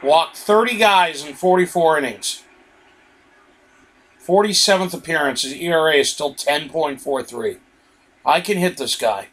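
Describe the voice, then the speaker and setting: A man's voice: on the high side, unhurried, long pauses, a bit bright, low-quality recording. A man playing a baseball video game, commenting casually and getting frustrated, often swearing at the plays.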